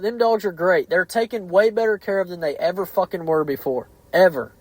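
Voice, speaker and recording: A man's voice: high-pitched, a little fast, hardly any pauses, no room sound, rough recording. A man, hosting a casual podcast chat, swearing heavily and speaking bluntly and heatedly.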